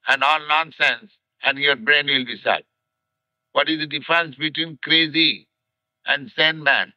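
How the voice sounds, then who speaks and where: Older indian guy giving a slow scripture talk, really deliberate, bright forceful voice, dry old tape sound. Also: a little high, no room sound, low-quality recording. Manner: slow, deliberate, repetitive phrasing with many pauses. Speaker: spiritual teacher. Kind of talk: scripture lecture. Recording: archival 1960s lecture tape.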